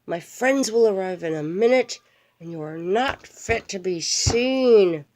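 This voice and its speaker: A woman's voice: medium pitch, animated, measured pace, a little mellow, slight background noise, natural voice. A prim storybook mother cat, proud and easily affronted, speaking with stiff Victorian dignity as an older woman reads her lines. The voice stays close to a plain reading voice, with only a touch of put-on primness. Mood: indignant. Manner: prim and offended.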